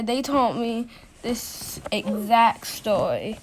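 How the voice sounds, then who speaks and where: Woman storyteller, fairly high voice, very slow, hesitant, lots of restarts, casual storytime. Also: animated, slight background noise. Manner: halting, full of restarts and fillers.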